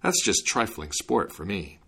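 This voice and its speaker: A man's voice: on the low side, expressive, unhurried, vocal fry, pushed and bright, slightly rough, full character voice. A man voicing a bold, cocky young male huntsman in a storybook reading, speaking in a confident, offhand way.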